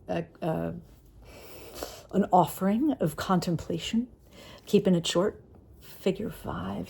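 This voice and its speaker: A woman thinks aloud in a slow, unhurried vlog monologue. Her voice is low, mellow and gravelly, and she pauses often with soft fillers as she searches for words. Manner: musing, hesitant, many pauses and fillers. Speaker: vlogger. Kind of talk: reflective spoken monologue.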